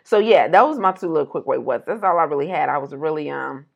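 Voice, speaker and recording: Woman, low voice, animated storyteller, casual podcast chat. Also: quick pace, creaky, lo-fi sound. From Detroit. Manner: animated storytelling, acts out quotes. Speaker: podcast co-host.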